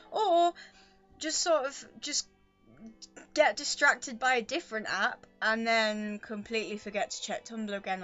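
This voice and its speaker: A woman's voice: mid-range voice, highs cut off. A woman talking casually to the camera at home, rambling chattily with self-deprecating asides. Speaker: vlogger. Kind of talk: casual rambling vlog monologue. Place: at home with a pet on her lap. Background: quiet choir music.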